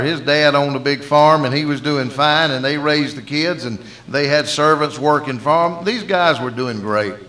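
A man's voice: a little high, fairly bright tone. A man with a Southern US accent preaching a sermon in a folksy storytelling way. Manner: folksy storytelling, acting out dialogue.

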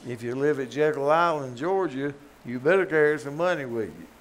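Older southern guy preaching, folksy jokes, gets loud on the big points, faint hiss behind. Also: mid-range voice, animated, fairly quick. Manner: storytelling, joking, rising to emphatic peaks. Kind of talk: folksy sermon.

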